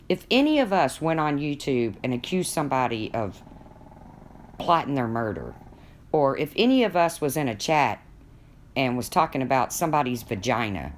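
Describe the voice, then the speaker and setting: A woman's voice: low-pitched, slight background noise. A woman hosting a casual live stream from home, gossiping with viewers and talking to her pets in between.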